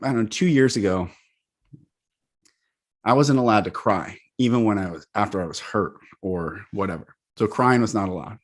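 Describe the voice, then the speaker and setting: Man, 30s, casual conversation, video call, animated, laughs often, lower pitch. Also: moderate pace. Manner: animated storyteller, laughs often, acts out quotes. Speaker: guest, healing coach.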